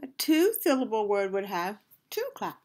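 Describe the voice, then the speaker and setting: A woman teaching a video lesson to young children, slow and encouraging, pausing to let them answer. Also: medium pitch, sing-song, very noisy. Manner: slow, sing-song, encouraging, with questions and pauses for answers. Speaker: preschool teacher.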